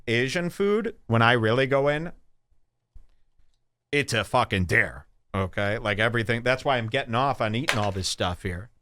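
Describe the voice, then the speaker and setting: A man on a podcast rants sarcastically, his pitch leaping around as he exaggerates. The sound is dry and close, with no room around him. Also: a bit bright, dry recording. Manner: sarcastic, exaggerated mock voices. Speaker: podcast host. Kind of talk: ranting comedic podcast talk.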